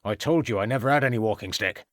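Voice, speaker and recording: A man voicing a surly, aggressive farmer in an audiobook, defiant, with rough rural grammar. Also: lowish voice, quick pace, fairly bright tone, no room sound, studio quality, close to an everyday voice. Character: surly, aggressive male country farmer under questioning. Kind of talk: audiobook character voice.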